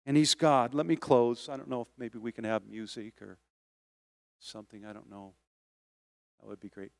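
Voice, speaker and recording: Male pastor, sermon delivery, builds from soft storytelling to loud rallying calls, dry close mic. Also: medium pitch, flat delivery, normal speed, gravelly, no echo. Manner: preaching that swells from quiet storytelling to loud exhortation. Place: church sanctuary.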